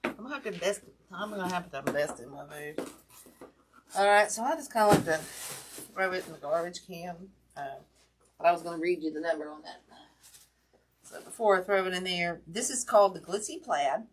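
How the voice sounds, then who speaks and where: A chatty woman with a drawl talks straight to her live viewers as she works through a craft project, joking about her own clumsiness. Her voice sits a bit low for a woman. Faint background noise runs under the recording. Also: a little fast. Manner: chatty, talks to viewers directly, self-deprecating. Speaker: wreath-making class host. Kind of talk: casual live-stream craft demo.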